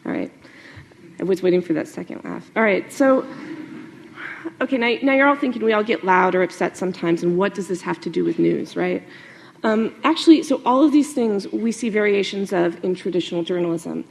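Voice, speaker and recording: A woman journalist talks to a live audience about how news grabs attention. She is animated and chatty, with fillers and asides. Her mid-pitched voice has a gravelly fry at the ends of phrases. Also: a little fast. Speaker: journalist giving a talk. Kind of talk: conference talk to an audience.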